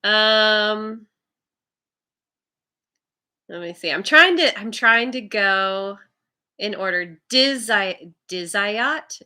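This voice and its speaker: Slow-talking bright-voiced tarot reader. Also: female voice, medium pitch, expressive, clean tone. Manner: laughs often, warm and encouraging to viewers; stumbles over viewer names. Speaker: tarot reader hosting a live stream. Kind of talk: casual live-stream chat.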